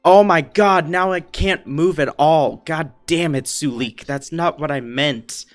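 A man's voice: on the high side, a little slow, soft background music. Man swearing through a game. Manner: swears constantly, ranting in frustration; yells at the game. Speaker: gaming YouTuber playing a retro game. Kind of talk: let's play gaming commentary.

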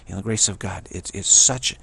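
A man's voice: deep voice, a little fast, creaky, pushed and bright, breathy edge. A man giving an unscripted spiritual monologue, earnest, repeating his phrases and slipping into imagined exchanges. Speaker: spiritual commentator.

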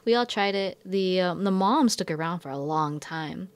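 A woman's voice: on the low side, lively intonation, normal speed, smooth. A young woman who teaches in Japan, telling a story in a casual vlog, rambling and filling her talk with "like" and self-corrections.

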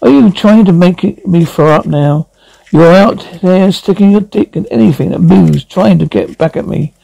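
A man plays a firm, exasperated woman scolding her ex-partner in an amateur radio drama. The voice sits a little high with a dark, mellow tone. Her delivery is reproachful and earnest. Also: gravelly, dry recording, exaggerated voice, poor audio.

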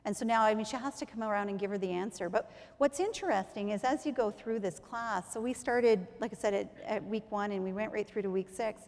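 A woman's voice: mid-range voice, fairly quick, hardly any pauses. A woman giving a chatty conference talk on physiotherapy, sometimes acting out what patients say. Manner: lively, chatty, acts out patient quotes. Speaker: physiotherapist presenter. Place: large conference hall. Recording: long hall reverb.

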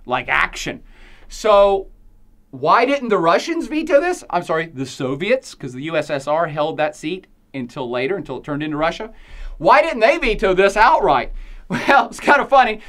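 An irreverent male lecturer keeps the tone loose and slangy. He laughs often and quizzes the class with rhetorical questions. His delivery stays animated and conversational. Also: high-pitched.

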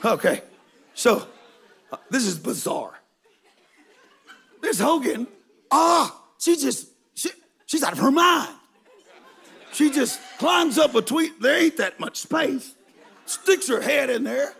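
A guest preacher telling a funny story from the pulpit of a big church, his voice unusually high and deeply gravelly. He talks slowly and folksily, then bursts into emphatic shouts. A faint congregation murmur sits behind him. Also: big pitch swings, some chatter behind. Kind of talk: humorous storytelling sermon. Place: large church auditorium with a live congregation.

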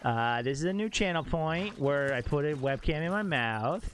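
A young man streaming a game live, reacting out loud, exclaiming and swearing as he talks to his chat. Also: a little high, animated, normal speed, slight background noise. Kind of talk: live gameplay commentary.

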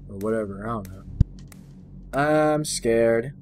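A man's voice: on the high side, very animated, measured pace, pauses often, slight background noise. A man playing a horror game on his channel, reacting jumpily, swearing, and joking at the screen. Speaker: gaming channel host. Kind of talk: horror game let's play commentary.

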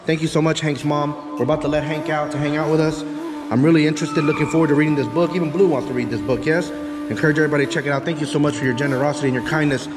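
Profane Texan dog trainer, reverby music. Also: male voice, a little high, fairly even intonation, racing. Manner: loose, profane, talks to dogs and a helper. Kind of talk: casual vlog talk while training dogs.

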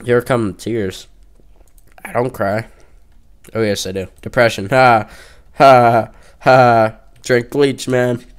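A man's voice: mid-range voice, fairly even intonation, slow, pauses often, clear, resonant tone. A young man giving casual, goofy gameplay commentary, trash-talking opponents and joking around. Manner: goofy, trash-talking, breaks into off-key singing.

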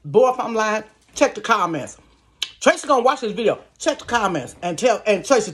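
A woman telling a storytime tale from her bedroom, speaking straight to her viewers. She is animated and often breaks into laughter, calling them y'all and honey. Her voice sits at an ordinary middle pitch. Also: moderate pace. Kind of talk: casual storytime.

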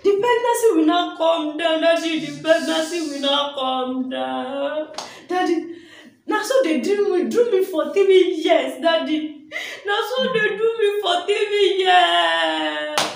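A woman's voice: very high-pitched, slow, creaky, a little hiss or hum, full character voice. An actress playing a distraught, childless young wife with a Nigerian accent, crying and repeating herself as she pleads. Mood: pleading. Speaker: church member. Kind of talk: film acting. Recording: very echoey room, voice from far off.

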